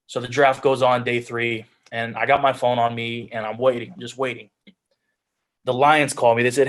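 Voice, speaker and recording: A young pro football player, appearing as a guest speaker on a video call, earnestly shares his personal story. His medium-pitched voice is flat and moves at a normal speed. He's heartfelt, says "like" a lot, and often restarts sentences.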